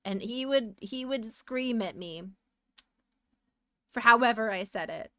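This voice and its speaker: A fairly high, unhurried American woman chatting on a live stream. She is giggly and talkative, hums little tunes while she works, and her voice sits close and dry on the mic. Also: pushed and bright, no room sound. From United States. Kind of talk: casual live-stream chat while working.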